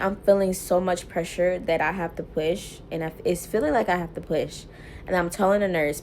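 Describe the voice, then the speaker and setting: A young woman vlogger telling a personal story casually to camera, animated and laughing often, quoting herself loudly. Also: lowish voice, slight background noise. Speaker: mom vlogger.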